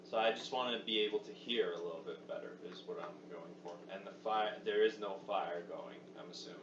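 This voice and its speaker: Low-voiced man asking at a game table. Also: steady tone, a little fast. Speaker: player. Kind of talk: casual tabletop play. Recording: echoey room, far mic, dull sound, noise.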